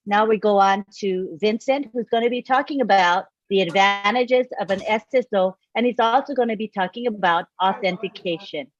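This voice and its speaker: A woman moderates an online webinar, briskly thanking one speaker and introducing the next. Her voice comes over a video call with muffled, lo-fi sound in a dry, close space with no echo. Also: mid-range voice. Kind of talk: hosting an online meeting.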